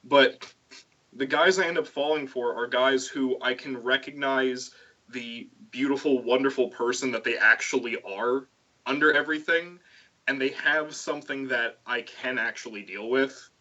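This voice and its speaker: Bright, animated man on a lo-fi stream. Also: moderate pace. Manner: animated storyteller who swings into high put-on voices. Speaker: stream host. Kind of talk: casual chat.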